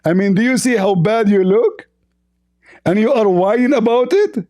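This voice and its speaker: A man hosting a heated live online debate, hoarse from shouting, hurling insults and repeating himself. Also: sits high, lively intonation, normal speed, dry recording, studio quality. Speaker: debate show host.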